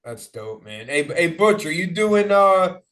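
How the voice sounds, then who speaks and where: Chatty co-host man, higher voice. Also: sing-song, a bit bright. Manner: quick friendly questions to the guests. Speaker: podcast co-host. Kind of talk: casual chat.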